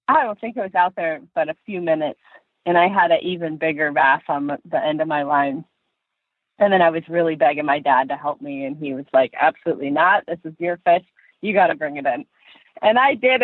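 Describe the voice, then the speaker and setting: A woman's voice: lowish voice, dry recording. Woman telling stories over a tinny phone line. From Virginia, USA. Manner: unhurried, anecdotal storytelling with frequent pauses. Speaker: fishing guide, interview guest. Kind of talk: podcast interview, personal storytelling.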